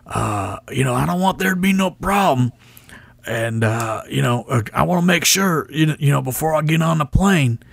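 A man mimics a stubborn, aging veteran wrestler who keeps repeating himself. The voice jumps well above the man's own pitch and stays insistent, recorded close and dry. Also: animated, moderate pace, gravelly, no echo. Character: stubborn older male veteran wrestler on the phone.

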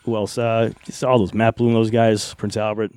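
A man's voice: fairly low pitch, flat delivery, normal speed, a little mellow, clear, resonant tone, no echo. A middle-aged man, a former wrestler, rambling through anecdotes in a casual interview with frequent laughs and swearing.

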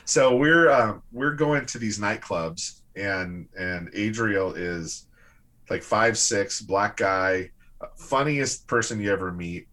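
A man, a guest on a conversational show, telling personal stories in an animated, lively way. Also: fairly low pitch, slow. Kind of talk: casual conversational storytelling.

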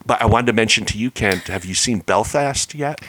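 A man's voice: on the low side, brisk, slight background noise. A man co-hosting a podcast, chatting eagerly about shows he watches, calling himself a nerd. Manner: chatty, self-described nerd, lively asides. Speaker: podcast co-host. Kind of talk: casual chat about films and shows.

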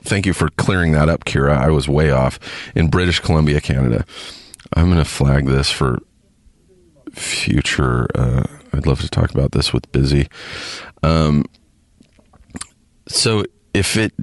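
A man's voice: extremely low pitch, dry recording, clean studio sound. A man hosting a podcast, reading a listener email aloud and rambling chattily with lots of self-corrections. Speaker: podcast host. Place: parked car.

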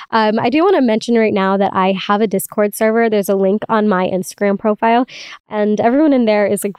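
A woman's voice: medium pitch, a little mellow, clear, resonant tone, no room sound, clean studio sound. A young woman hosting a solo podcast, talking candidly and casually, laughing often and swearing now and then. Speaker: podcast host.

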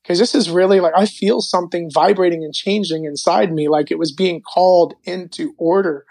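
A man telling his faith story as an interview guest, animated and full of filler words. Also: sits high, a little fast, gravelly, few pauses, no room sound. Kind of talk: personal faith testimony.

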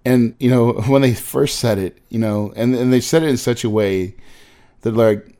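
A man's voice: medium pitch, normal speed, warm tone. Man, 40s, motivational speaker; earnest and emphatic, calls the audience guys. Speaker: real estate investor speaker. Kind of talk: motivational talk.

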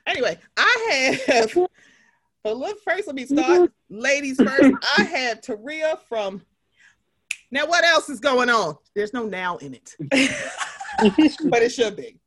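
A woman's voice: high voice, animated, slow, pauses often, crowd noise. A woman hosting a podcast in casual chat, brash and profane, laughing often. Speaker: podcast host.

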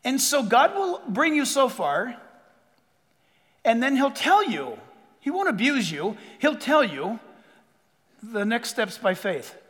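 A man preaching a sermon as a pastor, animated and acting out quoted dialogue in different voices. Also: very high voice, slow, long pauses, big-room sound.

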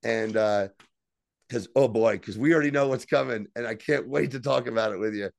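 A man's voice: mid-range voice, brisk, gravelly, no echo, clean studio sound. A man co-hosting a casual podcast, recapping a show in a loose, profane way. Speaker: podcast co-host.

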